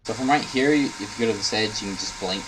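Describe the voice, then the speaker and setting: A man's voice: fairly low pitch, fast, noisy background. A man coaching a player by reviewing gameplay footage, blunt and instructive, repeating his advice and swearing now and then, sounding tired. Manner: swears in frustration. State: tired, yawning. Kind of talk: coaching commentary over gameplay.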